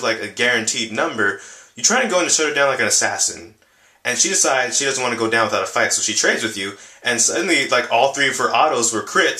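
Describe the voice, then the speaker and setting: A young man hosting a gaming video, talking in a loose, rambling way full of fillers. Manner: rambling, filler-heavy, lively pitch jumps. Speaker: gaming channel host. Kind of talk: casual video commentary. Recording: echoey room.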